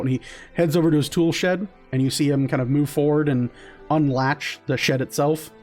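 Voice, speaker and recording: A man's voice: fairly high pitch, steady tone, moderate pace, a little mellow, faint music behind. A man narrating as game master in a loose, casual way with many fillers.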